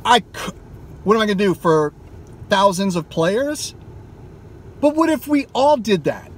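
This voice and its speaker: Man, impassioned rant, emphatic, swearing, slightly high voice, inside a car. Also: animated, unhurried, husky. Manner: emphatic, heated, swears freely. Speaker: gaming YouTuber.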